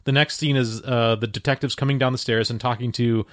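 A man's voice: medium pitch, steady tone, fairly quick, fairly bright tone, no room sound, studio quality. A man co-hosting a casual movie podcast, chatty and trivia-minded. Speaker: podcast co-host.

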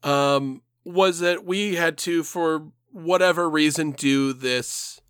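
A man's voice: fairly high pitch, slow, fairly bright tone, smooth, no room sound, studio quality. A man telling a long, rambling story in casual chat, swearing freely and laughing as he goes.

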